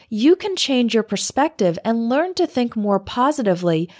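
A woman reading a scripted English lesson in a clear, measured way, slowing down for the example phrases. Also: on the high side, darkish tone. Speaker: English teacher.

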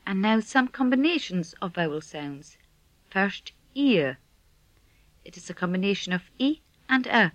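A woman teaching pronunciation in a slow, measured scripted lesson, demonstrating each sound. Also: mid-range voice, lively intonation, fairly bright tone, no echo. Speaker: language teacher.

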